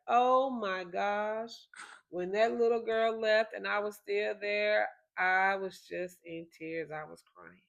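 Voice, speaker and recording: Slow, reflective woman telling a memory. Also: mid-range voice, gravelly. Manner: slow, reflective, emotional recollection. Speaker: podcast host. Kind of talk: personal storytelling.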